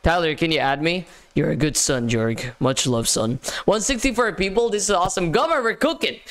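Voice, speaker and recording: Hosting a live gaming stream, this man talks at normal speed with lively intonation in a voice on the high side. His chat is casual and slangy, and he greets viewers by name.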